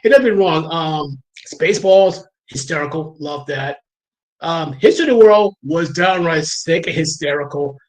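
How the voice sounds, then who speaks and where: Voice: mid-range voice, normal speed, rough recording. A livestream host with a New York accent, rambling in casual chat and laughing often.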